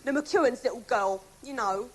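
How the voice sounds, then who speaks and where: A woman's voice: a little high, moderate pace. A woman from Surrey, England, chatting as a talk show guest in a self-deprecating, laughing way. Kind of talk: casual chat show interview.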